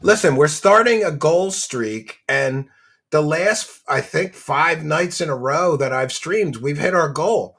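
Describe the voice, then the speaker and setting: Bright-voiced man hosting a commentary stream. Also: a little high, slow pace. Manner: mocking, laughs often, reads donor names.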